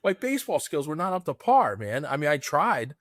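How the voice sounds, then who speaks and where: A man's voice: on the high side, very animated, a little fast, a bit bright, no echo, studio quality. A man co-hosting a podcast, telling stories in a loose, laughing, casual way. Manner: laid-back, laughs often, calls people man and brother. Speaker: podcast co-host. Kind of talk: casual chat.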